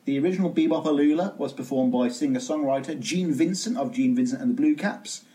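A man's voice: a little high, brisk, warm tone. A man co-hosting a music podcast, chatting casually with wry joking asides. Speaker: podcast co-host.

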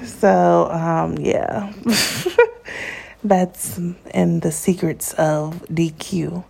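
A young woman tells a personal story at a slow, unhurried pace. Her low, mellow voice has a gravelly fry, and she talks in a candid, chatty way, laughing often. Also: lively intonation. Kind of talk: casual storytime monologue.

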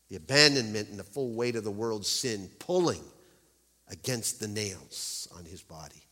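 A man's voice: lowish voice, expressive, takes it slowly, pauses often, a bit bright, long reverb tail. A man preaching a sermon in a church, telling a story dramatically and stressing key words.

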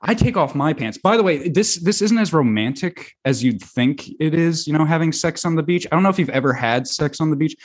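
Young American man, husky, podcast host; rambling, animated storyteller. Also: fairly high pitch, a little fast, few pauses. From United States. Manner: rambling, animated, lots of fillers and swearing. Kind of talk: casual storytelling.

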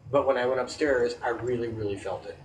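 A man's voice: medium pitch, fast talker. A man co-hosting a chat show, telling a personal story in an earnest, anecdotal way. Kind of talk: casual radio-style chat. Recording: distant from mic, faint noise.

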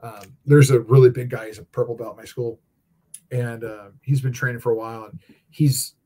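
A man's voice: medium pitch, little pitch movement, a little fast, warm tone. A man in casual conversation telling candid stories about training, peppered with swearing and fillers like "like" and "you know". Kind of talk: casual chat.

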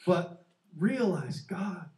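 A man's voice: high voice, drawn-out words. A man co-hosting a Christian talk show, telling a faith story casually and earnestly, acting out the quotes. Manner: earnest, animated storyteller who acts out quotes. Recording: echoey room, distant from the mic.

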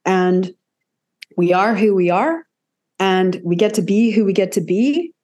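A woman's voice: mid-range voice, lively intonation, measured pace, a little mellow. A woman guest on a podcast, a grief expert with a cough, speaking reflectively and repeating phrases for emphasis. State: has a cough. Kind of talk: casual podcast conversation.

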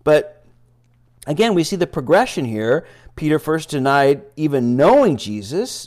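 A man's voice: fairly high pitch, very animated, a little slow, a little mellow. A man giving an informal sermon in a church, conversational and rambling, with many fillers and restarts, reading and retelling scripture. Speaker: preacher.

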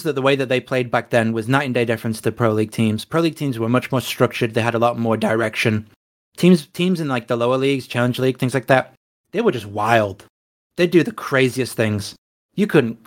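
English man, frank esports coach. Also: medium pitch. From England. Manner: frank, reflective, casual phrasing. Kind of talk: casual interview answers.

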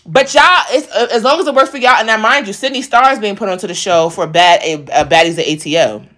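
A woman's voice: medium pitch, quick pace, bright, forceful tone. A thirty-year-old woman chatting casually and speaking her mind. She is blunt and emphatic and swears freely. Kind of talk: casual chat.

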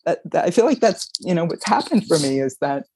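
A middle-aged woman sharing her recovery story, speaking in an emotional, halting and reflective way. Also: on the low side, big pitch swings, a little mellow, slight background noise, rough recording. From Baltimore, Maryland. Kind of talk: personal sharing.

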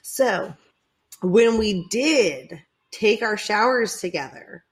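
A young woman telling a story in casual chat, animated, swearing freely and often laughing. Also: mid-range voice.

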